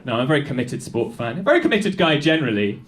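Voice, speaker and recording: A young man doing high-energy stand-up comedy in a small club, chatting with the crowd and laughing often. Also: sing-song, fast talker, a bit bright. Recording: live club recording with audience. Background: audience laughing and applauding.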